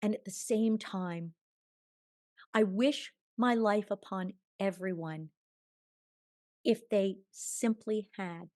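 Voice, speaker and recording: A woman guest telling a personal spiritual story in long, tumbling sentences, swinging from hushed murmurs to bright exclamations. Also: medium pitch, slow pace, long pauses, no echo, clean studio sound. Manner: chatty, tumbling run-on sentences. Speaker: podcast guest.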